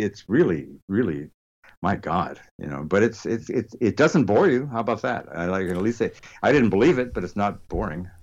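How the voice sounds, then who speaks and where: A man's voice: low-pitched, a little mellow, highs cut off. A man co-hosting a podcast, chatting casually about films with many restarts and fillers. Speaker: podcast co-host. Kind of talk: casual film review chat.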